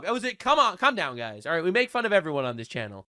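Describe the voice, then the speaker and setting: A man's voice: fairly high pitch, big pitch swings, very fast, hardly any pauses, sharp tone. A young adult man giving casual online commentary, crude and mocking, rambling with lots of fillers. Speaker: commentary channel host.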